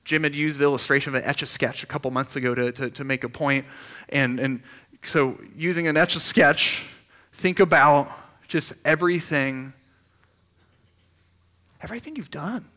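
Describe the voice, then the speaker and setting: Bright-voiced man preaching conversationally. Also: a little high. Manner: conversational, with quick restarts and rhetorical questions. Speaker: pastor. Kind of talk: sermon.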